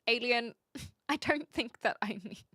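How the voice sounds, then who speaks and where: A woman's voice: fairly high pitch, unhurried, fairly bright tone, slightly rough, no echo, studio quality. A woman with a New Zealand accent chatting casually on a live stream from her home setup, laughing often as she reads and answers chat.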